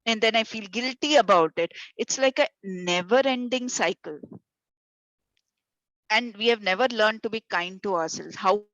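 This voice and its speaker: A woman's voice: mid-range voice, moderate pace, fairly bright tone, dry recording. Lady trainer chatting thru a workshop on a video call, muffled lo-fi audio. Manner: conversational, with fillers and retold stories. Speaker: workshop facilitator. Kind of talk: storytelling talk to volunteers.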